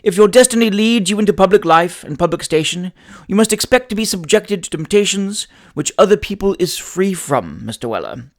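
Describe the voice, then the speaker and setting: A pompous, languid footman, as a man acts him out, full of affected sighs and airs of superiority. His voice sits fairly high, a put-on storybook turn. He sounds world-weary and condescending toward everyone. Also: very animated, brisk.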